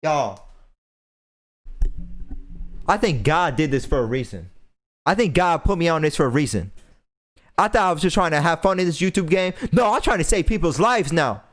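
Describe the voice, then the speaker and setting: A man's voice: fairly high pitch, animated, moderate pace, long pauses. A young man hosting a podcast, delivering an impassioned, preachy rant and repeating phrases for emphasis. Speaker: podcast host.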